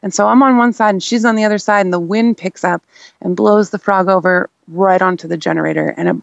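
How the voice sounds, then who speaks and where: Brief: young woman, animated storyteller, dry close sound, chatty radio guest. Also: medium pitch, fast, gravelly, no echo, lo-fi sound. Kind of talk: casual storytelling chat.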